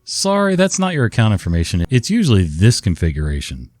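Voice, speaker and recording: A tired help-desk worker stays politely on script, his lowish voice rising and falling with a lively lilt, as a man reads him. Faint guitar sits under a dry, close sound. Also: a little fast, no room sound. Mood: weary polite. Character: patient, weary male help-desk worker.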